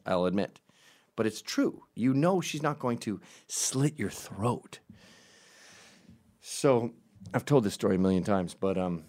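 A man's voice: sits low, warm tone. A middle-aged man from Scotland telling a crude, rambling comic story at home at night.

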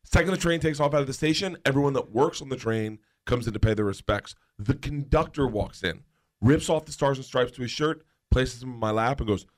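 A man telling a comedic story as a podcast guest, animated and laughing as he goes. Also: mid-range voice, fairly quick. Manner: animated, laughs through his own story.

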